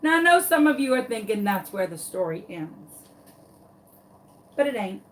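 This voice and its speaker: A woman, hosting a craft tutorial and telling a story to her viewers in a dramatic, animated, casual way. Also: mid-range voice, normal speed.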